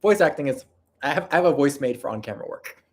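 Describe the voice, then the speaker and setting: This livestream host and video creator has a fairly high, nasal voice with lively intonation and a quick pace. He fields viewer questions casually, rambling, restarting often, laughing, and putting himself down.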